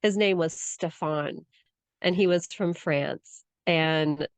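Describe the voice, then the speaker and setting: A woman's voice: low-pitched, takes it slowly, clear, resonant tone, no echo. A woman co-hosting a casual chat podcast from the United States, rambling and restarting her sentences. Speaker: podcast co-host.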